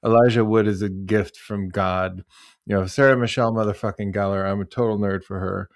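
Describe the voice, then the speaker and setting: Low-voiced joking podcast host. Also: male voice, brisk, dry recording, studio quality. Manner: animated storyteller, doing voices, joking. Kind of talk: casual chat.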